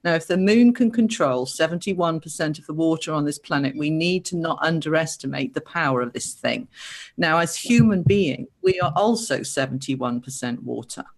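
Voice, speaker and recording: Woman therapist talking on a live stream, lively, keeps asking questions and acting out voices. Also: low voice, normal speed. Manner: animated, acts out quoted voices, asks many questions. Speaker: therapist guest. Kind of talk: explaining spiritual ideas on a live show.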